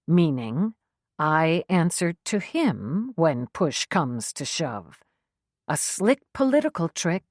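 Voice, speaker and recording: A woman reading a first-person story aloud, measured with a wry edge. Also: on the low side, no room sound, studio quality. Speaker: audiobook narrator. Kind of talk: first-person scripted narration.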